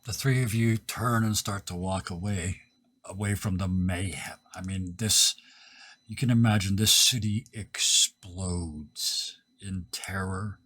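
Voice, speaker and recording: A man narrating a tabletop role-playing game as game master, setting vivid scenes and dropping to a hush at key moments. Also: low voice, fairly even intonation, takes it slowly, husky.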